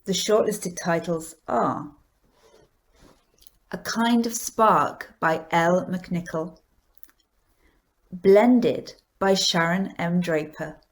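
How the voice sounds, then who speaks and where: A woman hosting an awards presentation, reading a script in a measured, deliberate way. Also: fairly low pitch. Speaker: awards host.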